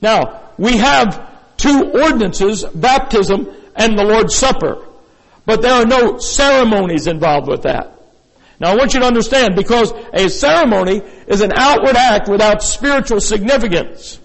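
A man's voice: sits high, creaky, in a large hall, low-quality recording. A man preaching a sermon as pastor, in a folksy, rambling way with many fillers and asides. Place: church sanctuary.

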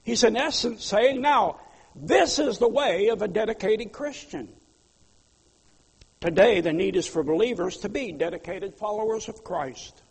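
Impassioned preacher with a gravelly voice. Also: male voice, sits high. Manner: impassioned preaching, swinging from loud pleas to quiet asides. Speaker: pastor. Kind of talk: sermon. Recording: long hall reverb.

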